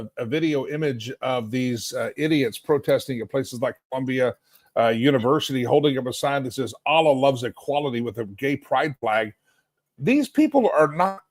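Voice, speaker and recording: Sarcastic, animated male talk host. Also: a little high, dry recording. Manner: sarcastic, animated, rambling with restarts. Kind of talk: live political commentary stream. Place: hotel suite.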